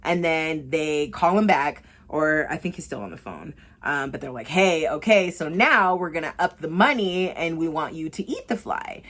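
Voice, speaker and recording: A young woman vlogging casual movie recommendations, excitable and full of fillers and swearing. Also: sits low, moderate pace, few pauses.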